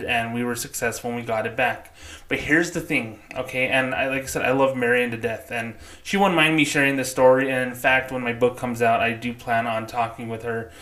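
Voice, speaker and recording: A man's voice: mid-range voice, a bit bright. A man delivering a casual ranting monologue as a former bank employee, blunt and profane, often stopping to say "okay?". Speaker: former bank employee turned customer advocate.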